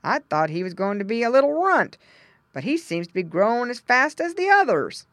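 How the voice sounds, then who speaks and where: A woman voicing a good-humored middle-aged male farmer in a children's storybook reading, speaking in amused, gruff interjections. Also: a little high, big pitch swings, moderate pace, no room sound, clean studio sound, voice pushed up.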